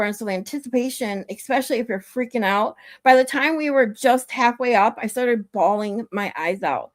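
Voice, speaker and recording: A woman livestream host, telling a story in casual chat, swearing freely and laughing often. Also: mid-range voice.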